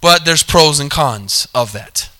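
A man's voice: a little high, animated, slow, bright, forceful tone. A man preaching a sermon, calling for amens, repeating his points and correcting himself mid-sentence. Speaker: pastor.

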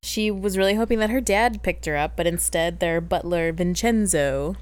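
A woman's voice: fairly low pitch, normal speed, a little mellow, dry recording. A woman co-hosting a casual podcast, recapping a movie plot in a playful, laughing way. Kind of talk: casual chat.

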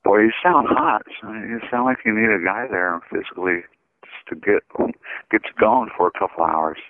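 A man heard over a tinny phone line, his voice on the low side. He sounds eager but hesitant, pushing again and again for a meeting place, with the line dry and narrow. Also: moderate pace, vocal fry, no room sound. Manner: eager, hesitant, keeps asking for the address. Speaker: prank call target. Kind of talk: phone conversation.

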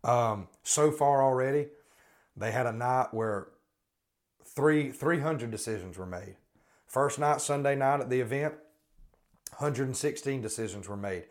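A podcast host with a mid-range voice talks at a measured pace and pauses often. He offers critical commentary on religion, hammering the same rhetorical questions and frequently restarting his sentences.

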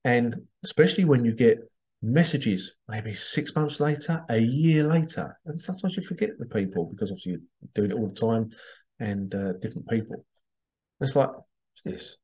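A man's voice: medium pitch, lively intonation, moderate pace, darkish tone, slightly rough. A man, a psychic medium hosting a casual monologue, chatty, laughing often and acting out the voices he quotes. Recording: dull lo-fi sound.

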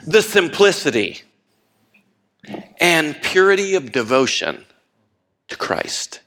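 An older pastor preaches a sermon slowly and in a sing-song manner, swinging between loud, impassioned stretches and low, hushed ones. He drops in folksy asides and laughter.

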